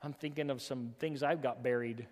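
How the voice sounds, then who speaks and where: A man's voice: medium pitch, fairly even intonation, moderate pace. Man, pastor, emphatic folksy sermon, long church reverb. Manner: folksy, emphatic preaching with repetitions.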